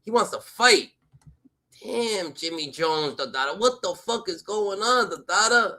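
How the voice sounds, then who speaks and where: Male reaction host, high and bright, loose and profane, with "da, da, da" filler and disbelieving questions. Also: lively intonation, a little slow, rough recording. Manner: profane, rambling, fills every phrase with "da, da, da"; incredulous, keeps asking rhetorical questions. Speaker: reaction commentator. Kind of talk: casual reaction commentary.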